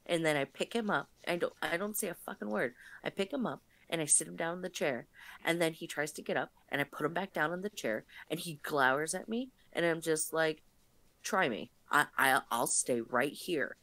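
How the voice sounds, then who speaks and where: A woman telling a casual story on a stream, animated and profane, stumbling over restarts. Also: sits low, fairly quick, no room sound.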